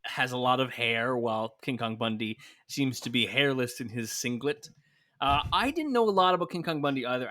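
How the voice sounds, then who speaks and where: A man's voice: mid-range voice, no echo, studio quality. A man co-hosting a wrestling podcast in casual chat, talking, laughing and teasing his friend. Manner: chatty, laughing, lively teasing. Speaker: podcast co-host.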